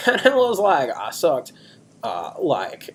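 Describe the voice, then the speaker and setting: A man's voice: fairly high pitch, huge pitch swings, takes it slowly, heavily acted. A man doing a crude, boastful bro character who keeps saying "dude", recorded over a video call. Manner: brash, crude bragging, repeats "dude".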